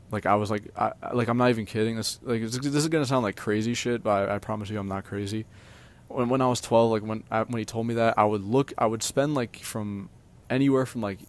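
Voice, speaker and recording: A young man vlogging a casual storytime monologue, rambling with lots of filler words and swearing. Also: lowish voice.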